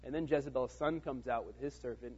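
A man's voice: mid-range voice, brisk, darkish tone, lo-fi sound, slight background noise. A man teaching a casual Bible study in a conversational way, with fillers and frequent "right?" check-ins to his listeners.

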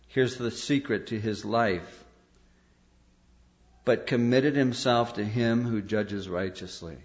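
A man preaching a sermon, telling stories and acting out quotes in an animated way. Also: mid-range voice, takes it slowly, long pauses. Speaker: pastor. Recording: dull lo-fi sermon recording.

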